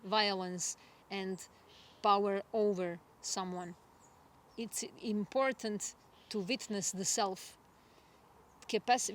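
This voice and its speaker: A woman astrologer giving a spiritual forecast monologue, gentle and reflective, unhurried and earnest. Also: mid-range voice. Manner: gentle, reflective, soft laughs.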